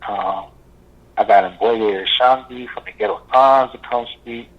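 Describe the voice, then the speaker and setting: A man telling his story as an interview guest, rambling and halting with many fillers. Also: medium pitch. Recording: muffled lo-fi audio.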